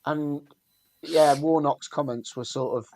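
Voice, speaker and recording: A man's voice: a little high, fairly even intonation, measured pace, darkish tone, slight background noise. A man hosting a fan show, talking football in an emphatic way with frequent repeats. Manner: repeats and restarts often, emphatic. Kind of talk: casual football chat.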